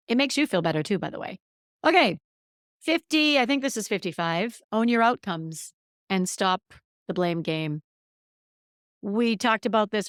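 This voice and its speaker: A woman's voice: medium pitch, clean tone, no room sound, studio quality. A middle-aged woman hosting a solo podcast, talking candidly and emphatically, with a self-deprecating streak. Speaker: podcast host. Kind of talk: casual solo podcast monologue.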